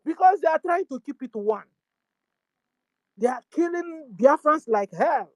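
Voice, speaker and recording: Her voice high and a little mellow, a Nigerian-accented channel host pleads with her audience, mixing Igbo lines and rhetorical questions into fervent commentary. The recording sounds dry.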